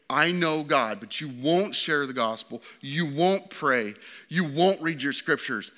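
A pastor preaching a sermon to his church, swinging from loud and excited to quiet and hushed. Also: a little high.

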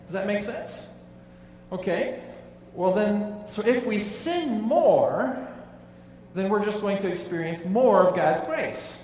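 Male pastor, sermon, slightly high voice, emphatic, questions to the congregation, echoey church hall, heard from a distance. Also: expressive, slow pace, a little mellow, a little hiss or hum. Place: church sanctuary.

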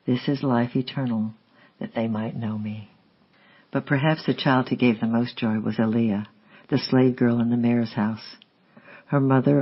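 A man steadily reading a memoir aloud in a measured, unhurried way, on a slightly dull lo-fi recording. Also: medium pitch, gravelly, husky. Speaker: audiobook reader. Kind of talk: memoir narration read aloud.

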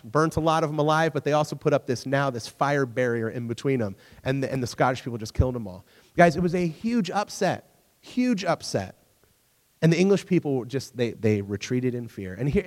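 A man preaching in a relaxed, chatty way, his voice sitting a little higher than most men's. He tells stories and briefly voices the people in them. A long reverb trails each phrase, as if he is speaking in a large hall. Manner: conversational, acts out characters in the story. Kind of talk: casual sermon with storytelling.

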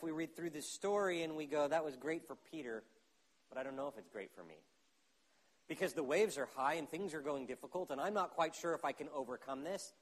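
A man preaching with a slightly higher voice, full of animation. He builds to loud, urgent peaks and then drops to hushed, intense stretches. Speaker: pastor. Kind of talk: sermon.

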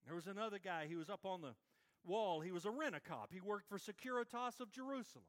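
A male pastor delivers a sermon in a high, bright voice. He is animated and playful and swings quickly between loud emphasis and hushed asides. His delivery is lively and conversational.

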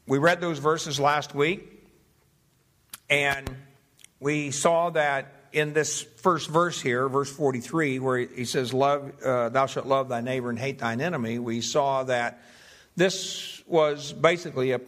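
A man preaching a Bible study sermon, reading old-fashioned scripture slowly and deliberately, then explaining it in a measured teaching voice. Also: medium pitch, steady tone, fairly bright tone. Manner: reads King James scripture slowly and deliberately; measured teaching delivery with fillers and restarts.

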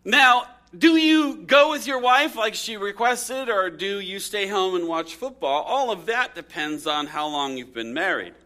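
A man preaching a sermon in a bright, fairly high voice. He tells stories and reads scripture aloud, swinging his pitch and loudness widely for drama. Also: animated, unhurried, few pauses. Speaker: pastor.

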